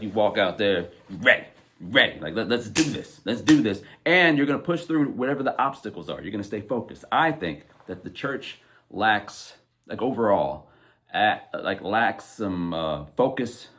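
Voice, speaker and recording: A man with a somewhat low voice talks about faith as a podcast host. His delivery is emphatic and conversational, full of fillers and asides to his listeners. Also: a bit bright. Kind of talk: casual faith commentary.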